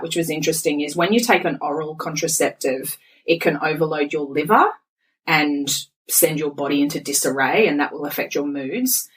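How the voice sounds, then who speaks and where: A woman in her forties, a podcast guest speaking frankly and telling stories in an animated way. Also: low-pitched, poor audio. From Australia. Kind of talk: candid podcast conversation.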